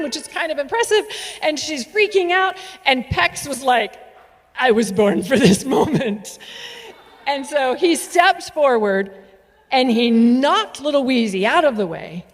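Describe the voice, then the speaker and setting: A woman telling a story on stage, playful and animated, with laughs and asides. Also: sits high, moderate pace. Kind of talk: live storytelling performance. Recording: reverberant hall.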